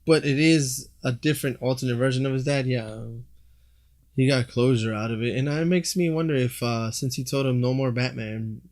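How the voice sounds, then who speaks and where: A man co-hosting a comic book chat, calmly and casually explaining the story and finishing his partner's sentences. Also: medium pitch, normal speed. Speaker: comic book podcast co-host.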